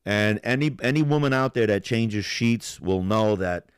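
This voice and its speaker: A man's voice: lowish voice, normal speed, smooth, no echo, clean studio sound. A young man on a live stream telling a long, profane story in a casual, rambling way. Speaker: podcast co-host.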